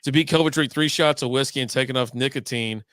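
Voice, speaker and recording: A man recovering from illness co-hosts a relaxed beer stream, telling meandering stories, cursing freely, and cracking himself up. He's a fast talker with a mid-range, fairly bright voice, recorded clean with no echo.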